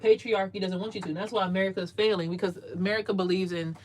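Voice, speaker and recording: A woman's voice: medium pitch, fairly even intonation, very fast, slight background noise. Lady ranting on a livestream from her closet, preachy and emphatic, repeats herself a lot. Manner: emphatic, preachy, repeats words, mimics others in loud bursts. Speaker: livestream host doing card readings. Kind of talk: casual livestream monologue. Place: small closet.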